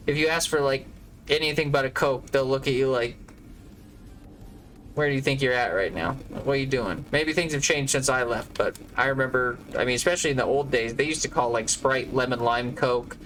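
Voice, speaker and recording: A man's voice: mid-range voice, steady tone, a little fast, a bit bright, slight background noise, low-quality recording. Joking Southern-accented male streamer. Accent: Southern US (Georgia). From Georgia, US. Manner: jokey, rambling, chats with viewers. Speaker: game streamer. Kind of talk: casual live-stream chat.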